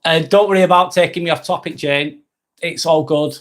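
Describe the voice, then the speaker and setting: Reading out comments on his live stream, this Lancashire-accented man from England rambles and repeats himself in a casual way, his throat slightly sore. He talks briskly, with a fairly high pitch and fairly even intonation.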